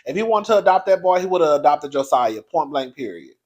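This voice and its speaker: A man hosting his own video show, giving a blunt, profane, animated commentary straight to his viewers. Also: a little high, brisk, dull audio. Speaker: online show host reviewing reality TV.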